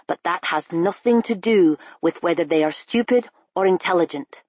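A blunt older constable with a teacherly bite, as a woman narrator reads him. The voice sits low and husky, recorded dry and a little dull, like a home-studio audiobook. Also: moderate pace, darkish tone, dry recording. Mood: earnest lecturing. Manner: blunt, lecturing, sneering at times. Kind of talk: audiobook character voice.

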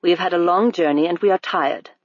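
A narrator giving voice to a composed, unflappable gentleman in a business suit, speaking with a crisp near-British accent and elaborate courtesy. The recording is dry and a little muffled. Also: mid-range voice, dry recording, natural voice. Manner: very formal, measured, courteous. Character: composed, formal African businessman, polite.

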